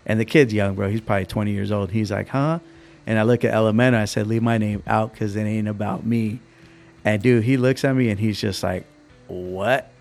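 A man's voice: fairly low pitch, flat delivery, fast talker, creaky, a little mellow, soft background music. A young adult man hosting a podcast, telling stories in a laid-back way with lots of fillers, his voice cracking now and then. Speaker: podcast host. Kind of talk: casual interview chat.

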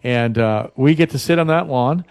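A man's voice: medium pitch, normal speed, darkish tone, smooth, dry recording. A man hosting a casual radio talk show, rambling in a folksy way with many fillers and restarts. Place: radio studio.

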